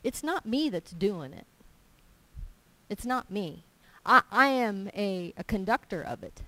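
The recording is dry and rough as a medium-pitched woman preaches at a measured pace. She shares personal stories in an informal sermon, animatedly acting out little exchanges in her own voice. Her tone is emphatic, and she repeats her key points often.

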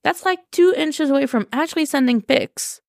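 A woman doing a shrill, incredulous young woman. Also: normal speed, gravelly, no echo, studio quality. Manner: shrieking, incredulous.

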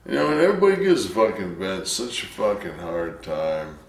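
A man's voice: low-pitched, animated, moderate pace, creaky. A man from Detroit telling rambling stories in casual, profane chat, swearing constantly. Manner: rambling, heavy swearing, storytelling. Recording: roomy sound from a distance with faint noise.

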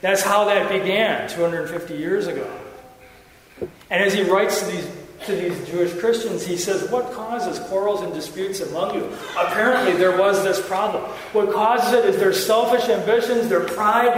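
A man's voice: sits high, moderate pace. A male pastor preaching a sermon, emphatic and repetitive, with joking self-mocking asides to the congregation. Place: church sanctuary. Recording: echoey church hall from far off, faint noise.

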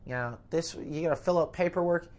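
A man's voice: fairly high pitch, moderate pace, a little mellow. A man with a Canadian accent, a comedian telling a rambling, profane road-trip story in casual podcast talk. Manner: rambling, profane, self-interrupting.

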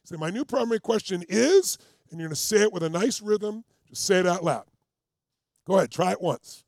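A man's voice: high-pitched, lively intonation, a little fast, vocal fry, darkish tone, no echo, studio quality. A man as a motivational coach, leading a live group exercise with urgent, commanding, repeated cues.

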